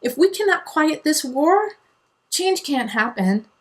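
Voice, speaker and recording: Reading tarot casually, this mother speaks slowly in a high voice with big swings in pitch. Her earnest, rambling delivery mixes support and tough love.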